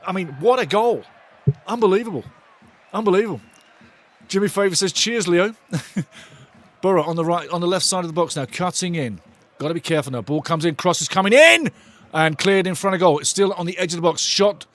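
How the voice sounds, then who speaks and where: A man hosting a live football watch-along, shouting and swearing excitedly while calling the play and reading out chat messages. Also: high-pitched. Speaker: watch-along host and fan commentator. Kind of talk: live fan match commentary, reading chat.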